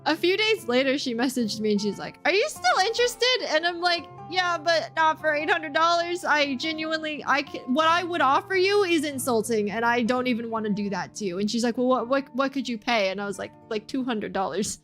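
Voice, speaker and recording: A young woman chatting casually with her stream audience from home, her voice sitting high and light. She talks in a bubbly, giggly way, and soft music plays faintly behind her. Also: a little fast, few pauses. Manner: chatty and bubbly, laughs often. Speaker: game streamer. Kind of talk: casual chat with stream viewers.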